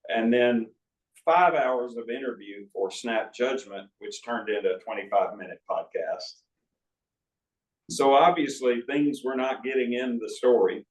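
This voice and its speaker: A man in his sixties, an author, telling folksy stories with asides to a live audience in an arts center auditorium. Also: mid-range voice. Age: 60s. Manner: folksy anecdotal storytelling with asides. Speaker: author at a book talk. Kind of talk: storytelling talk to an audience. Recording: roomy hall audio from a distance.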